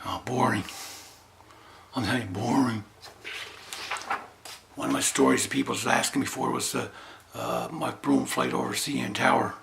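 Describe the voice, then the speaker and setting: A man's voice: mid-range voice, moderate pace, creaky, long pauses, background noise. A man doing a rambling comic commentary on his own tall tales, dryly repeating that it was all boring.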